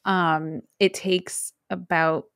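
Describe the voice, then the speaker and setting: A woman's voice: fairly low pitch, flat delivery, drawn-out words, clear, resonant tone, no room sound, clean studio sound. A middle-aged woman co-hosting a podcast in casual chat, joking and laughing as she talks. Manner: chatty, jokey asides, laughs often. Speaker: podcast co-host.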